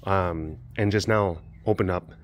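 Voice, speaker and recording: Rambling excitable man at animal enclosures. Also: low-pitched, a little slow, slight background noise. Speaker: animal keeper vlogger. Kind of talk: casual vlog chat.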